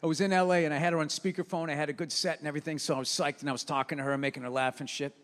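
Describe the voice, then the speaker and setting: A man's voice: fairly high pitch, steady tone, very fast, a bit bright, in a large hall. A man doing a stand-up comedy set, telling profane stories in a brash, ranting way. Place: comedy stage before an audience.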